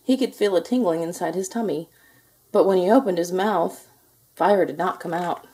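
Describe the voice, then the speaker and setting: A woman reading a children's picture book aloud, with lively, expressive delivery. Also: lowish voice, moderate pace, husky. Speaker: storybook reader. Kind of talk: children's storybook read-aloud.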